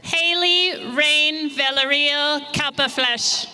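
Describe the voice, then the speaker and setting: A woman announcing graduates' names at an outdoor graduation ceremony, enunciating each one clearly and steadily. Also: sits high, slow, pushed and bright, a faint crowd, a little hiss or hum, rough recording. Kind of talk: unhurried name reading.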